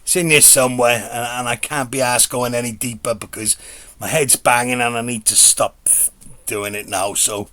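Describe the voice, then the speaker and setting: A man's voice: medium pitch, fairly even intonation, normal speed, bright, forceful tone, no echo. A middle-aged man tells a comic story in a rambling, stammering, sweary, self-mocking way. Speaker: comedy vlogger.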